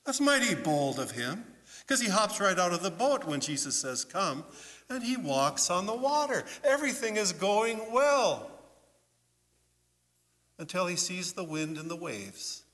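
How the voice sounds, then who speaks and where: A man preaching as a pastor in a church, telling a story in an animated way and putting questions to his listeners. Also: high voice, unhurried. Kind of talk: children's sermon storytelling. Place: church sanctuary. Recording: long church reverb.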